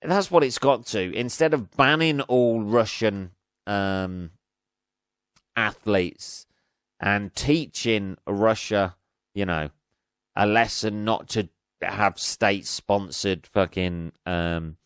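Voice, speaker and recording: A man's voice: fairly low pitch, slow, fairly bright tone, smooth, no room sound, clean studio sound. A man hosting a solo podcast, ranting casually with lots of swearing and sarcasm, laughing at his own jokes. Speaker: podcast host.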